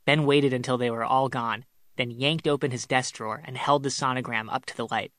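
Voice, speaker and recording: A man narrating a comic short story in a wry, measured way. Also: mid-range voice, fairly even intonation, fairly bright tone, no echo, studio quality.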